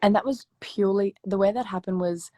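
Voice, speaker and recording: A woman's voice: medium pitch, fairly quick, dark tone, no echo. Chatty woman, losing her voice. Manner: chatty, swears freely, laughs often. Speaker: actress chatting on a live stream. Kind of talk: casual chat.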